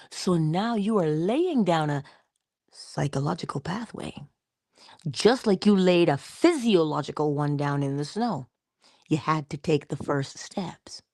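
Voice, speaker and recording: A woman giving a conversational motivational talk, coaching her listener and dropping into soft whispers for emphasis. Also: deep voice, dry recording, clean studio sound. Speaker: inspirational speaker.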